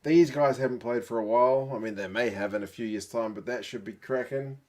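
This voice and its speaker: A man's voice: medium pitch, fairly quick, darkish tone. A man giving live reaction commentary, thinking aloud with gasps and exclamations, tired late at night. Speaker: rugby channel host.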